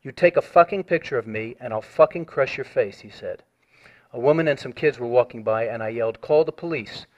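A man on a recorded phone call, formally reading out a written complaint and pressing his point. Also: mid-range voice. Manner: measured, formal, reads a written statement.

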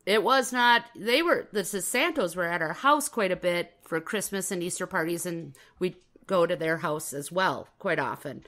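A woman from Minnesota, co-hosting a casual true-crime podcast and telling the story in an animated way, repeating phrases for effect. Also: lowish voice, moderate pace, hardly any pauses. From Minnesota, USA. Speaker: podcast co-host.

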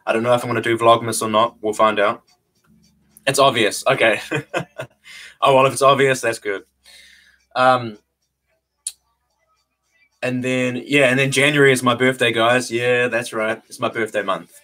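A man in his twenties chatting casually to his viewers in a vlog, playful and quick to laugh. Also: mid-range voice, flat delivery, bright, forceful tone. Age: 20s. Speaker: vlogger.

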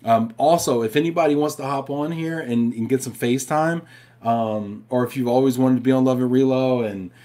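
A man with a brisk, dark, mid-range voice hosts a live show from home. He chats casually, reads out viewer questions, and keeps things upbeat while speaking directly to his audience.

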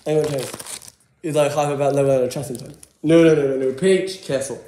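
A man giving excitable, giggly, rambling commentary as a vlogger. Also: medium pitch, a little fast. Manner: excitable, giggly, jumps between topics. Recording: echoey room.

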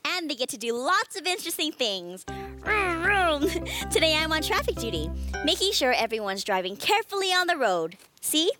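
A woman presenting a children's TV show, playing a police officer in a giggly, singsong, slowly exaggerated way. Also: high voice, very animated. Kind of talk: playful children's TV role-play. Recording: music under voice.

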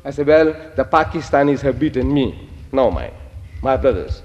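An older man giving an animated public lecture, telling stories and quoting Arabic phrases. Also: mid-range voice, normal speed, big-room sound, muffled recording.

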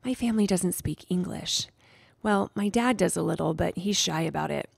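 A woman voicing a shy young schoolgirl who speaks in a hushed whisper. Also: lowish voice, moderate pace, vocal fry, slightly rough, no echo, studio quality, heavily acted.

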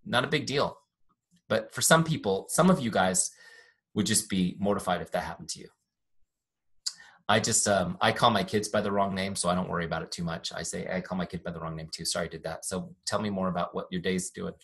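Husky-voiced man teaching an online training. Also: sits low, fairly quick, fairly bright tone. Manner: upbeat, chatty, self-deprecating jokes. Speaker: software trainer. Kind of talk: live online training with screen demo. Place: home office. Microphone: desk microphone.

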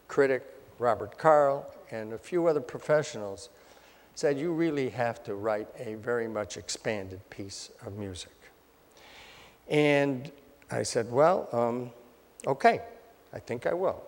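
Older male storyteller, self-mocking and wry, reverberant ballroom sound. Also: mid-range voice. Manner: self-deprecating, wry, acts out quoted voices. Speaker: speaker telling his story. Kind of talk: anecdotal storytelling talk. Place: hotel ballroom. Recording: long hall reverb.

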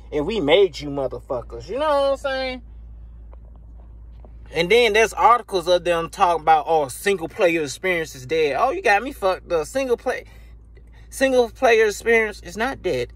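A man's voice: sits high, sing-song, normal speed, dry recording. A man ranting casually and profanely to camera about video games, laughing often, recorded on a phone. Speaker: gaming YouTuber.

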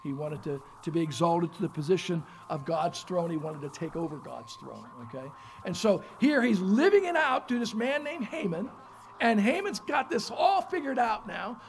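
A preacher teaching a Bible story in a sermon, animated, asking rhetorical questions and checking in with the listeners. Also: medium pitch, moderate pace. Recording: echoey room from a distant mic with music.

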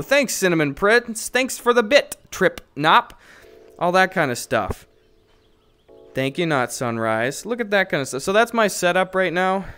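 A man streaming live, chatting casually with his viewers in a loud, profane, jokey way. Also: fairly high pitch. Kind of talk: casual livestream chat.

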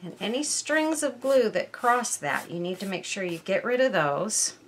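A woman's voice: medium pitch, animated, normal speed, a little hiss or hum. A woman hosting a casual crafting tutorial at her workbench, chatting to viewers and thinking aloud as she works. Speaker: crafting channel host.

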